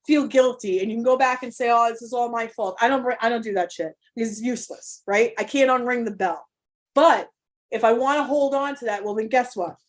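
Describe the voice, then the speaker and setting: Woman coach hyping parents on a video call, slightly high voice, punchy and motivational, swears a bit. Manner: emphatic, motivational, swears casually. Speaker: parent coach running a workshop. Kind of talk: live online workshop pitch. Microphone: video call mic.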